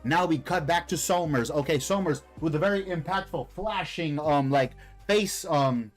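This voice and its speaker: A man's voice: a little high, normal speed, faint music behind. Slangy, hyped male streamer. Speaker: streamer, host. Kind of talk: casual live comic reading and commentary.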